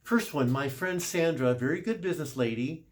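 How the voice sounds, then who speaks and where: A man's voice: fairly high pitch, moderate pace. A middle-aged man and car shop service manager telling a story in a casual, chatty way, correcting himself and laughing a little as he goes.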